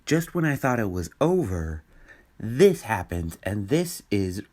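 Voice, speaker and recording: A man's voice: lowish voice, big pitch swings, measured pace, a little mellow. A man giving casual, opinionated commentary on a film trailer, thinking aloud with restarts and fillers. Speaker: video commentator.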